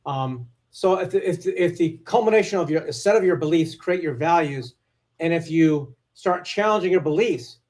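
Male podcast host, slightly high voice, encouraging, chimes in with quick agreements. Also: darkish tone. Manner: encouraging, quick short affirmations. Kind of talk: casual interview chat.

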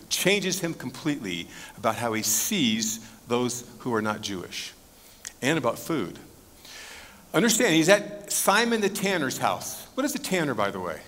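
A man's voice: mid-range voice, fairly bright tone. A male pastor preaching an expository Bible sermon to a congregation in a conversational way, asking the audience questions and joking in asides. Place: church sanctuary with a live audience. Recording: long reverb of a church hall.

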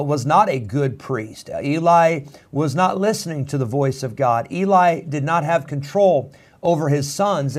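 A pastor delivering a sermon, his voice sitting a little high for a man. He preaches in an earnest, steady way and often pauses on filler sounds.

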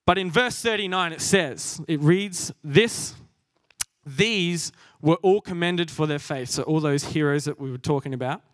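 A man's voice: on the high side, unhurried, dry recording, studio quality. A young man preaching a sermon, earnest and self-deprecating, laughing at himself as he goes.

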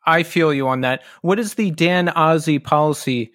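A man's voice: a little high, normal speed, a bit bright, no echo, clean studio sound. A man from New York City hosting a podcast, asking chatty, friendly questions in a casual interview. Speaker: podcast host.

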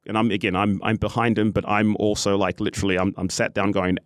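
A man hosting a football podcast, telling a story in his own low voice. He chats casually, with plenty of ums and restarts, and acts out what others said. The sound is dry and close. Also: moderate pace, clean tone, no room sound. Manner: animated, acts out quotes, many ums and restarts. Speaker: podcast host and football club official.

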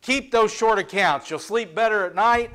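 A middle-aged man delivers a sermon in a conversational, confessional way. His voice sits notably high for a man, and he rises and falls sharply in pitch and loudness as he admits his own faults to the congregation. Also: normal speed. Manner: candid, self-deprecating, conversational preaching with lively swings in pitch and volume. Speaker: pastor.

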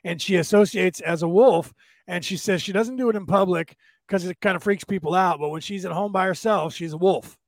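High-voiced man rambling through a story. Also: a little fast, no echo. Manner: rambling storyteller, keeps adding "right?". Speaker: podcast host. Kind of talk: casual chat. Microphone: camera.

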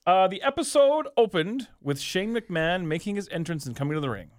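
A man's voice: sits high, lively intonation, fairly quick, no room sound, clean studio sound. A man co-hosting a podcast in loose, profane, joking chat. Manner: loose, profane, jokey banter. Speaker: podcast co-host. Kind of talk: casual chat.

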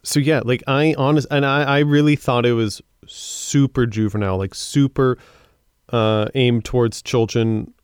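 A man's voice: mid-range voice, clear, resonant tone, dry recording, clean studio sound. A man co-hosting a casual film review podcast, talking in a chatty way with frequent stammering restarts. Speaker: podcast co-host.

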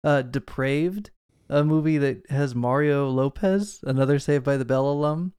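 A man's voice: mid-range voice, normal speed, darkish tone, clear, resonant tone, dry recording, studio quality. A man co-hosting a podcast, talking through a movie in a rambling, casual way with lots of asides. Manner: chatty, rambling with fillers and asides. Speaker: podcast co-host.

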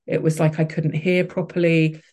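A woman's voice: sits low, flat delivery, normal speed, darkish tone. A woman, a podcast guest, telling a personal story candidly, with frequent restarts and fillers. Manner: open, emotional, many restarts and fillers.

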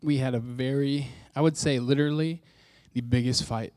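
A man's voice: medium pitch, fairly even intonation, moderate pace, darkish tone. A man preaching a testimony to his congregation in a candid, self-mocking way, acting out bits of dialogue as he tells the story. His voice sits in a middle range and sounds dry and close, with no room echo. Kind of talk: personal testimony sermon.

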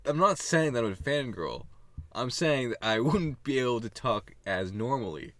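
A young man co-hosting a casual podcast chat, joking and laughing often, then settling into lower, explanatory stretches. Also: lively intonation, moderate pace, fairly bright tone, no room sound. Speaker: podcast co-host.

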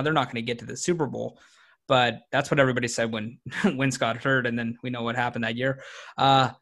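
On a sports podcast, this young male co-host talks casually and at length, needling his co-hosts with rapid-fire jokes. His medium-pitched voice has a fairly bright tone.

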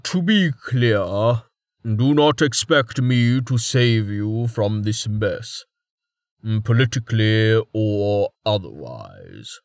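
A narrator putting on a cold, unbending father, every word dragged out at a very slow, deliberate crawl. He is curt and dismissive, with an even middle pitch and a dry, close sound. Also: dry recording. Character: stern blunt father carrying a hammer. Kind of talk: audiobook character voice.

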